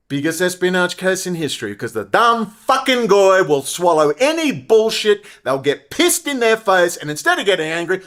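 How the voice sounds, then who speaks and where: A man's voice: high-pitched, big pitch swings, moderate pace, hardly any pauses, fairly bright tone. A man delivering an angry, profane, sarcastic commentary monologue, repeating rhetorical questions. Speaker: political commentator.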